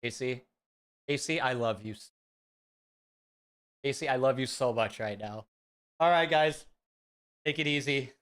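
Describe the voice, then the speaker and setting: A man from Central California, chatting casually and excitably with viewers on a live stream. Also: medium pitch, a little slow, pauses often, clean tone. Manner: rambling, excitable, talks to chat. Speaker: fitness streamer.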